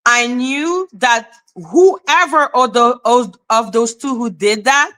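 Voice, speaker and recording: A woman hosting a casual live stream, animated and laughing, greeting viewers by name and swearing freely. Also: on the high side.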